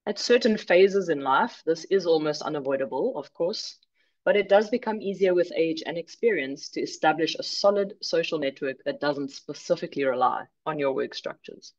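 A woman from South Africa presenting an online workshop, clear and measured with light humor. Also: low-pitched, lively intonation, darkish tone, dull audio.

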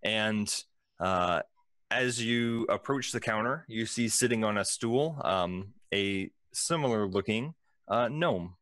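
A man narrating a tabletop game as game master, unhurried and filling pauses with ums and uhs. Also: lowish voice, a bit bright, no echo, studio quality.

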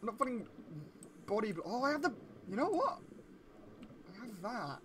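A man giving gameplay commentary, excitable and swearing a lot, with sudden yelps when something scares him. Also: extremely high pitch, moderate pace, noisy background. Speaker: let's play gamer.

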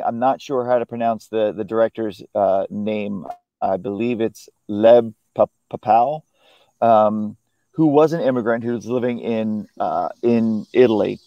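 A man, a film critic, chatting casually about a film he saw, often pausing and restarting his sentences. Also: mid-range voice, mellow, no room sound, muffled recording. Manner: hesitant, full of restarts and "you know". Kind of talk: casual film review chat.

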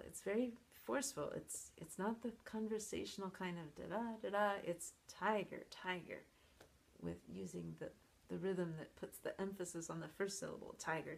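A woman professor talks through a poem for her viewers with a deep gravelly fry running through her lower-pitched voice. She sounds thoughtful, pausing with fillers and restarting her sentences as she works out her points. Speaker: college professor.

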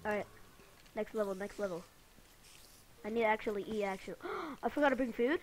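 A woman giving let's play commentary, excitable and panicky, repeating phrases over and over. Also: mid-range voice, brisk, a little hiss or hum. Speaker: gamer.

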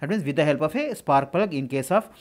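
Casting: Indian-accented male tutor, lively intonation, repeats himself, rhetorical questions. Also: on the high side, a little fast. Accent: Indian English. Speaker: exam coaching teacher. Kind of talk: exam prep lecture.

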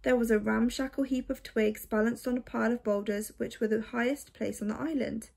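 A woman's voice: on the high side, fairly even intonation, brisk, vocal fry, a little mellow, slightly rough. Woman reading a children's storybook.

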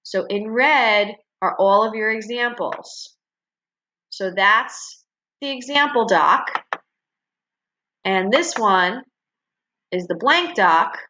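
A woman's voice: medium pitch, takes it slowly, long pauses, pushed and bright, a little hiss or hum. A woman teacher walking students through their assignments in a recorded online class, explaining step by step and checking in with frequent "okay" and "right.".

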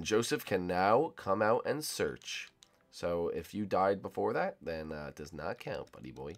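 This gaming YouTuber is a young man with a deep voice speaking at normal speed, despite a sore throat. His commentary on hide-and-seek with friends is playful and jokey, and he gets excited, shouting and laughing.

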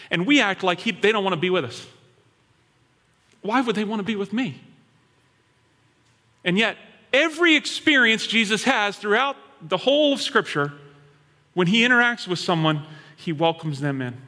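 A male pastor preaching a sermon in an animated storytelling manner. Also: high voice. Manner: animated storytelling, acting out quoted voices. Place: church hall. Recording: long hall reverb.

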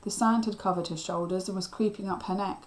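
A woman teacher reading a children's novel aloud in a steady, expressive storytelling voice. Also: medium pitch, brisk, poor audio.

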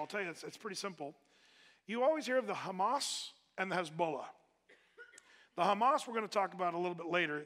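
Guy giving a sermon, high bright voice, lots of uhs and restarts, big echoey hall. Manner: conversational, with many fillers and restarts. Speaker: pastor. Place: church hall. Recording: echoey hall with long reverb.

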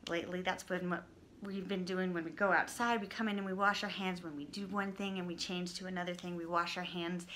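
A woman's voice: on the low side, a little hiss or hum. A woman leading a toddler story time, reading an interactive book aloud and singing simple songs while coaxing the children to join in. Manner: bright, slow and animated, singing and coaxing small children. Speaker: children's librarian.

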